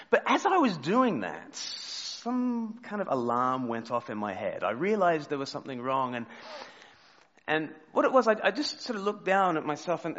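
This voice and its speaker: Preacher in a reverberant church. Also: male voice, on the high side, dull audio. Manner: animated storytelling, drops to a hushed voice for solemn parts. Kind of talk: sermon.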